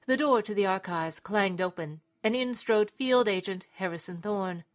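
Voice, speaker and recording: A woman's voice: medium pitch, moderate pace, few pauses. A woman narrating a story in a dramatic, scripted reading style.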